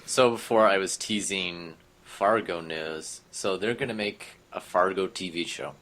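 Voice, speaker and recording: Low-voiced man sharing film news. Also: a little slow, a bit bright. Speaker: podcast co-host reading the news. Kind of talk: casual chat.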